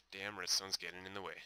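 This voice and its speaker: A man's voice: low voice, pushed and bright, smooth. A young man giving casual gameplay commentary, thinking aloud and hesitating with many fillers.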